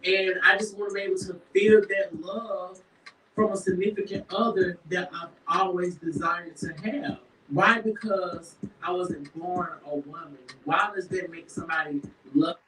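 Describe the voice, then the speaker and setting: A woman's voice: fairly low pitch, fairly even intonation, moderate pace, fairly bright tone, echoey room, far from the mic, a little hiss or hum, poor audio. A woman cast member talking candidly and emotionally about her life, often acting out what others say. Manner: emphatic, emotional, quotes others in put-on voices. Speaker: reality show cast member. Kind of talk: candid confessional chat.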